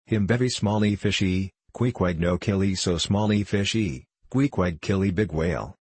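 A man's voice: sits low, moderate pace, a little mellow, breathy edge, dry recording. A man voicing a proud harpooneer who speaks in broken pidgin with disdain. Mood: disdainful. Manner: broken pidgin speech, scornful.

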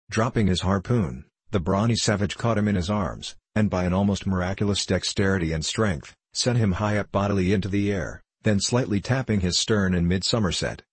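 A man reading a classic novel aloud in the first person, measured and deliberate. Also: low-pitched, breathy edge, dry recording. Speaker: audiobook narrator.

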